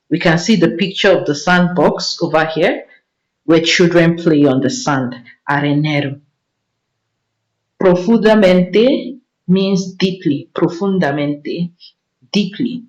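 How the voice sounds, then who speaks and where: Woman teacher, slow and patient, repeats each word, echoey room, dull lo-fi sound. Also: on the low side, animated. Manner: patient, repeats words slowly for learners. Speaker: Spanish teacher. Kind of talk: vocabulary lesson.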